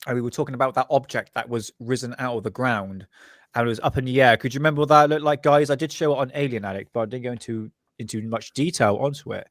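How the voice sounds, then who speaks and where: A man with a Bristolian accent hosts a loose podcast chat, wandering off topic and laughing as he goes. His voice sits at an ordinary pitch for a man. The sound is dry and close, with no room behind it. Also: fast, no room sound. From Bristol, England. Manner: rambling, laughs often. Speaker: podcast host. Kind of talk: casual chat.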